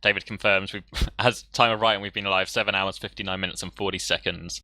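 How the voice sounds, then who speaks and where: Bright, giggly man giving rambling shout-outs. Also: deep voice, fairly even intonation, fast, no room sound. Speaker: tournament caster. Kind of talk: casual stream wrap-up chat.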